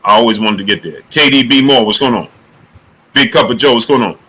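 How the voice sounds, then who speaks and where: Bright, punchy man hosting a live stream. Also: mid-range voice, a little fast, rough recording. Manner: energetic, emphatic, repeats questions. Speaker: boxing show host. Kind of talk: live-stream talk with chat shout-outs.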